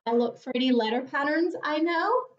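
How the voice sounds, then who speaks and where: A woman teacher leading a phonics lesson for young children, speaking slowly and clearly with an encouraging tone. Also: high-pitched, lively intonation, highs cut off. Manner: slow, clear, encouraging, over-articulated.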